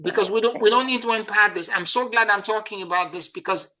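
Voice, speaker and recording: A man's voice: high-pitched, fast talker, pushed and bright. A man teaching a live class as a spiritual teacher, emphatic and instructive, repeating key words.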